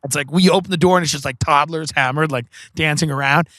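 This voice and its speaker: A man's voice: fairly high pitch, fast, sharp tone, no room sound. A man from Long Island hosting a podcast, telling comedic stories in a rambling, profane way full of filler words. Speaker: podcast host. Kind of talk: comedic storytelling.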